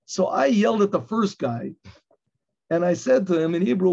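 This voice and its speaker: A man who is a rabbi, teaching a Torah class and telling a personal story, acting out shouted quotes along the way. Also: high-pitched, big pitch swings, moderate pace, vocal fry. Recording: dull lo-fi recording.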